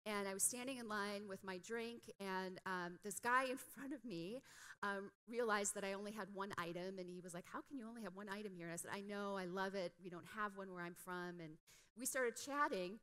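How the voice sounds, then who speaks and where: A woman's voice: mid-range voice, fairly bright tone, clear, resonant tone. A middle-aged woman preaching a conversational sermon, telling a personal story in a chatty, self-deprecating way full of "like" and "you know". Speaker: guest preacher. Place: church sanctuary.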